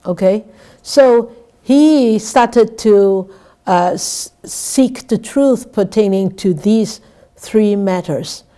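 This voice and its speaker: A Buddhist nun giving a dharma talk. She speaks haltingly, repeats words and keeps asking "right?". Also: medium pitch, mellow. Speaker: Buddhist nun teaching scripture.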